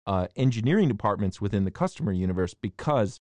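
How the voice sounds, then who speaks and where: An American man debates on a casual talk show, animated and emphatic, often restarting his sentences. His voice is lowish and quick, with no room sound.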